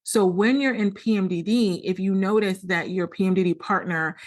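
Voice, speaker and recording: A woman's voice: medium pitch, moderate pace. A woman hosting a solo podcast, explaining earnestly and often acting out quoted dialogue. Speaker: podcast host.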